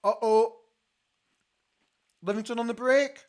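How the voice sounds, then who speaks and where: A Scottish man hosting a live football watch-along from a studio, reacting excitedly to the play and chatting about viewers' comments. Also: very high-pitched, slow pace.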